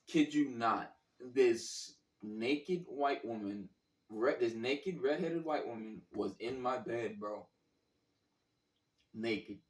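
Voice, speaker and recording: A man's voice: medium pitch, slow pace. Guy telling a wild story w/ lots of slang and cussing, kinda far from the mic, roomy echo. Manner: profane, slangy, animated retelling that acts out his own past reactions. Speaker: storyteller recounting a college basketball trip. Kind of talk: casual storytelling. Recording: echoey room, distant from the mic.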